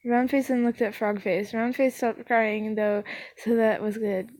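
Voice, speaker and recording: A woman's voice: a little high, little pitch movement, unhurried, a little mellow, no room sound. A young woman reading a fanfiction story aloud, breaking off into rambling, giggly asides full of fillers. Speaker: fanfiction reader.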